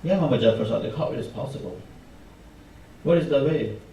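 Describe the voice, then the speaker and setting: A man with a voice preaches a sermon in a mosque hall, stacking up repeated phrases with rising force. His tone is dark and mellow, and he is picked up from some distance in a roomy, echoing space with faint ambient noise. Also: medium pitch, animated, fairly quick. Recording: echoey hall, mic from far off.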